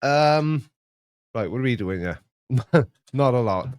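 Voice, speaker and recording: A man's voice: on the low side, moderate pace, dry recording, clean studio sound. A man hosting a casual stream, joking, laughing often and slipping into playful voices. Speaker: host.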